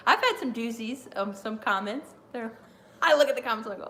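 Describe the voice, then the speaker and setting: A woman's voice: on the high side, moderate pace, sharp tone, slight background noise. A young woman hosting a live stream, rambling casually with lots of fillers and frequent laughter.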